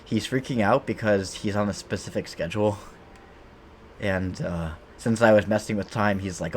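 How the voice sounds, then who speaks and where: Low-voiced man rambling over gameplay. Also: moderate pace, slight background noise. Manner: rambling, many fillers and restarts. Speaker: game streamer. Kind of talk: casual gameplay commentary.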